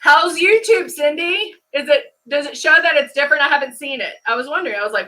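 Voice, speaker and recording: This makeup live stream host, a middle-aged woman, talks casually through her work and welcomes viewers by name. She speaks quickly in a high, pushed, bright voice.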